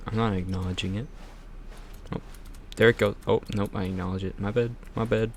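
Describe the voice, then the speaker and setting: A man's voice: lowish voice, fairly even intonation, brisk, darkish tone, slight background noise. Offhand young man playing a game. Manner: offhand and teasing. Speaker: gamer. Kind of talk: let's play commentary.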